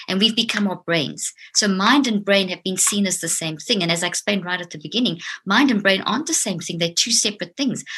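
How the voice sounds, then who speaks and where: A woman's voice: medium pitch, bright, forceful tone, breathy edge. A woman giving an impassioned, explanatory talk, emphatic and earnest, often repeating words as she builds a point, speaking outdoors. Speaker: speaker on mind and mental health. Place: outdoors near a tree.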